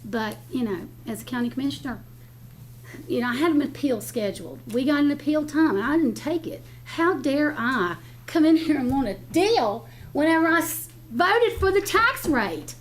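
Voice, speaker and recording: A woman's voice: high voice, animated, moderate pace, darkish tone, slight background noise. An older woman county commissioner speaking bluntly and emotionally at a public meeting. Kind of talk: impassioned remarks at a public meeting.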